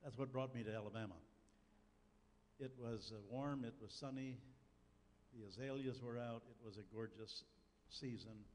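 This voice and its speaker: A man's voice: mid-range voice, steady tone, normal speed, darkish tone, slight background noise. An older man preaching a sermon, telling a personal story in a folksy way with dry humor. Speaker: pastor. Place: church sanctuary. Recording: long church hall reverb, faint ambience.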